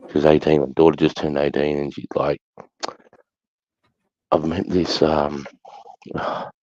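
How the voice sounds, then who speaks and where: A man's voice: very deep voice, level tone, a little slow, darkish tone, no room sound. A middle-aged Australian man telling stories in casual chat, blunt and sweary. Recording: dull lo-fi sound.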